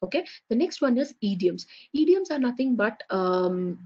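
A woman's voice: a little high, big pitch swings, moderate pace. A woman teaching an online lecture, explaining step by step and checking in with "okay". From India. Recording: dull lo-fi online class audio.

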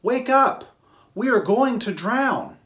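Man reading frightened disciples for a kids' storybook, loud panicked cries, high voice. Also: lively intonation, takes it slowly, exaggerated voice. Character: frightened disciples crying out in a storm.

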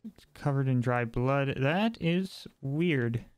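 A man's voice: mid-range voice, animated, slow pace, darkish tone, clear, resonant tone, dry recording, clean studio sound. A man giving let's play commentary on a horror game, talking to himself, jumpy and wry as he explores. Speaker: gaming channel host.

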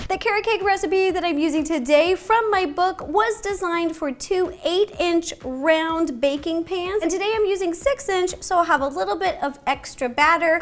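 A woman in her thirties hosting a baking tutorial, bubbly and playful, making little sound effects as she works. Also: high-pitched. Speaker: baking show host.

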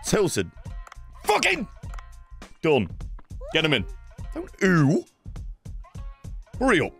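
A man's voice: a little high, wildly swooping pitch, slow, creaky, pauses often, fairly bright tone, faint music behind. A man in his thirties giving live, sweary game commentary, ranting at the game in exasperation. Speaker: gaming streamer.

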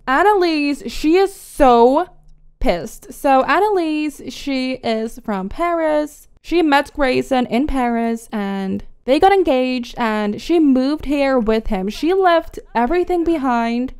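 A woman's voice: sits high, lively intonation, takes it slowly, darkish tone. A young woman giving chatty, dramatic gameplay commentary, often giggling. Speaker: gaming YouTuber.

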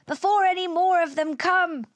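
A timid little male alien explorer from a storybook, voiced by a woman reading aloud, fretting in a nervous, high voice. His lines rise and fall widely. He speaks slowly and carefully. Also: very animated, a bit bright, no room sound, clean studio sound, full character voice. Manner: nervous, fretful.

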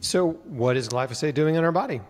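A man hosting an interview, relaxed, with fillers and self-corrections. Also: a little high, brisk. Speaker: host. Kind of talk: conversational interview.

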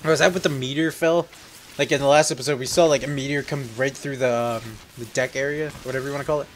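A man giving casual let's play commentary, joking and rambling, with sudden loud yelps, while sick. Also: medium pitch, fairly even intonation, fast, slight background noise. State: sick, on medication.

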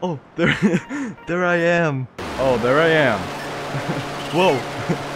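A young man doing game commentary as a gaming YouTuber, excitable, laughing often and crying out in surprise. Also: fairly high pitch, extremely slow, soft background music.

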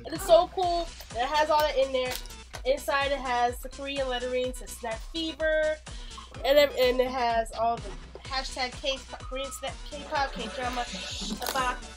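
A young adult woman vlogging a snack box unboxing, gushing with excitable exclamations as she tastes each treat. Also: high-pitched, unhurried, over music. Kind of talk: casual unboxing chat.

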